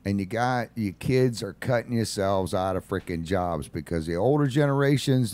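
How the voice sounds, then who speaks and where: Deep-voiced man chatting on radio. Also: normal speed, few pauses. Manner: animated storytelling, acts out quotes. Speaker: radio show co-host. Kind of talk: casual radio chat.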